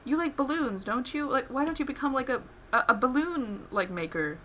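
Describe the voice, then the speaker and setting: A woman's voice: sits high, expressive, normal speed, fairly bright tone, slight background noise, voice pushed up. A woman voicing an upbeat cartoon guy, lifting her voice into a sing-song, encouraging tone.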